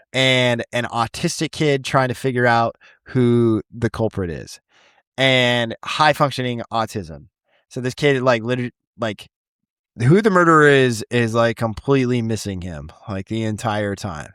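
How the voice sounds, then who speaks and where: A man teaching high school English talks loosely on a podcast, circling back and restarting his sentences and swearing now and then. His voice sits at an ordinary pitch for a man. The close mic leaves it dry, with no room sound. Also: normal speed, fairly bright tone, clean tone, no echo. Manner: rambling, frequent restarts and casual swearing. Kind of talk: casual podcast chat.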